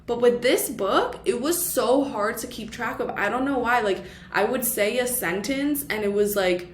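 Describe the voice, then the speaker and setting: A woman's voice: fairly high pitch, normal speed, a little hiss or hum. A woman chatting casually about a book she read, with lots of "like" and "you know" fillers and the odd Spanish phrase. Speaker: book vlogger. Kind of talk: casual book review chat. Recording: echoey room with faint ambience.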